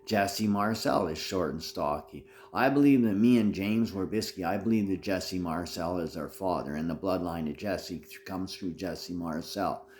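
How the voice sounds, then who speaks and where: A man's voice: low-pitched, normal speed, hardly any pauses, darkish tone, a little hiss or hum. A man talking in a rambling monologue, repeating himself and restarting phrases.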